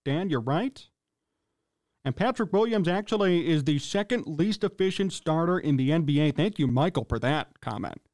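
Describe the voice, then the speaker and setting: A man's voice: a little high, lively intonation, normal speed, darkish tone. A man hosting a sports talk show, ranting in an exasperated, sarcastic way and reading out chat comments.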